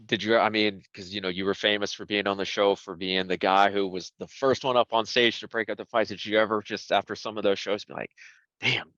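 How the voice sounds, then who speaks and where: Man, interviewer, very low voice, conversational questions, dry dull audio. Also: steady tone, fast talker, few pauses, a bit bright, dry recording. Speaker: entertainment news interviewer. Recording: dry, slightly dull sound.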